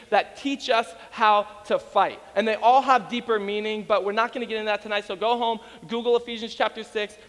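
A man preaching an energetic sermon to a congregation, telling stories and acting out the voices of the people in them. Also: sits high, long reverb tail. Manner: animated storytelling, acts out voices. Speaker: pastor.

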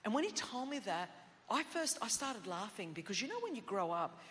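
An Australian woman preacher telling a personal story in a sermon, animated and self-mocking, acting out what people said. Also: fairly low pitch, big-room sound.

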